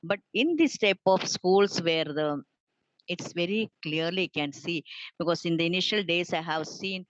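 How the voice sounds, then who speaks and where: A woman speaking on a video call panel in an earnest, halting way with many fillers. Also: on the low side, no echo. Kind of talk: unscripted panel talk. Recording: dull lo-fi video call audio.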